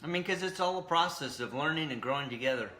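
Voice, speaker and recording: A man's voice: fairly high pitch, animated, quick pace, pushed and bright. Easygoing jokey man in an echoey kitchen. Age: middle-aged. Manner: easygoing, jokey, laughs often. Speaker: co-host. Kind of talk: casual cooking vlog chat. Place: home kitchen.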